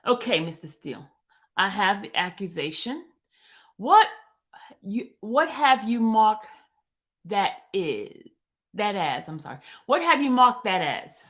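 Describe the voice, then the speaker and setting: A woman's voice: medium pitch, big pitch swings, slow pace, long pauses, a bit bright. A woman reading aloud a male judge's questions to an attorney from a court transcript. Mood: questioning.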